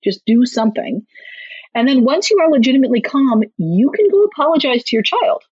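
A woman with a husky, slightly breathy voice gives parenting advice in a casual interview, animated and quick to act out little bits of dialogue. The sound is dry and close, a touch dull and lo-fi. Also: high voice, dry recording. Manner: animated, acts out parents' and kids' lines in quick asides. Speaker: guest parenting author and clinical social worker.

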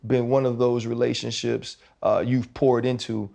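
A man with a gravelly, mid-pitched voice hosts a casual podcast. He asks long questions that wander and restart. His tone stays conversational. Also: level tone, normal speed, mellow. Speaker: podcast host.

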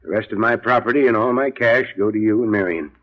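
An actor playing a kindly elderly uncle who owns a ranch, talking steadily and decisively in 1940s radio acting. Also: male voice, on the low side, fast talker, close to an everyday voice. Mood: steady. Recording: dull old radio broadcast.

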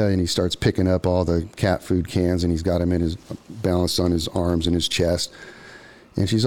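Give me a deep, mellow podcast host telling a story casually. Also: male voice, flat delivery, a little slow. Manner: loose, lots of ums and restarts.

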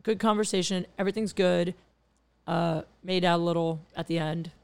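A woman in her thirties hosting a casual podcast chat, telling a dating story in a chatty, meandering way outdoors in bright sun. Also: on the low side, fairly even intonation, normal speed, clean tone. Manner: chatty storyteller, trails off and restarts. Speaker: podcast host.

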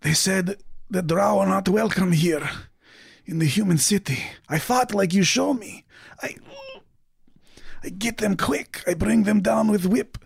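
A man's voice: sits high, measured pace, vocal fry, husky, dry recording, pitched above the performer's own voice, heavily acted. A man voicing a dying older male Drow uncle who speaks in broken English, proud and strained.

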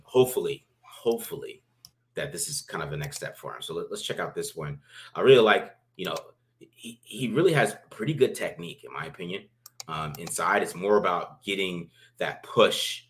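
A man's voice: low voice, bright, forceful tone. A man casually breaking down football game film, rambling with many restarts and "right?" tags. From family from Baltimore.

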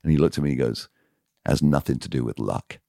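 A man's voice: very deep voice, fast, gravelly, mellow, no echo, studio quality. A man who works as a radio DJ, telling a story as a guest in a casual interview, with some stammered restarts.

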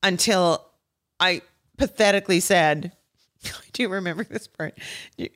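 Laughing woman telling animated stories. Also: lowish voice, a little slow. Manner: animated, laughing, acts out quoted voices. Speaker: podcast guest, comedian. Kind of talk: casual storytelling chat.

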